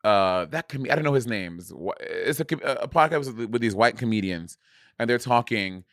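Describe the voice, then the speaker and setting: A man's voice: mid-range voice, expressive, moderate pace, fairly bright tone, no echo, studio quality. A man co-hosting a casual podcast over a video call, talking loosely and swearing freely. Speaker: podcast co-host. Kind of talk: casual chat.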